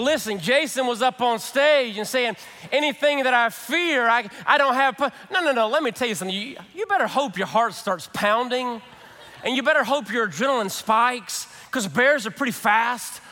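High, bright-voiced preaching pastor. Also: male voice. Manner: conversational, animated preaching with acted-out quotes. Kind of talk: sermon. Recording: reverberant hall.

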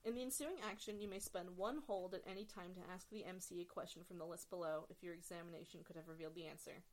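A woman's voice: lowish voice, steady tone, fast, slight background noise. A woman narrating as game master of a tabletop game, rambling and full of fillers as she explains the rules.

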